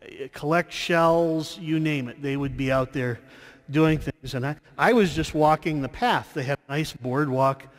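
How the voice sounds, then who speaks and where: Slow-speaking priest in a reverberant church. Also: male voice, on the high side. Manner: slow storytelling homily with fillers and restarts. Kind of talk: sermon. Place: large church.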